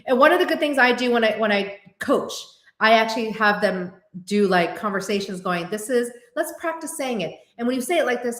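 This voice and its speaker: A woman hosting a casual chat, answering viewer questions with quick asides and acted-out quotes. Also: fairly high pitch, lively intonation, a bit bright, echoey room.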